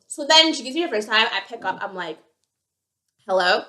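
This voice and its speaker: A young woman telling a storytime vlog, animated and acting out the other voices. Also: a little high, a little fast, long pauses. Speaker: vlogger.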